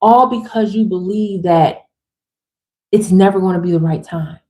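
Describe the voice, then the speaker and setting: A woman's voice: fairly low pitch, normal speed, warm tone. A woman giving a casual, emphatic livestream pep talk, talking straight to her women viewers in slangy, chatty speech. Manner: fired-up, emphatic, swears casually. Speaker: motivational speaker.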